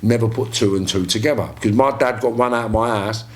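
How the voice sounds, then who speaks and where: A man with a London accent, a podcast guest telling stories in a lively, swearing, casual way and acting out what people said. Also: lowish voice, quick pace. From London, England. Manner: animated storyteller, swears freely, acts out quoted speech. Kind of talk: casual storytelling interview.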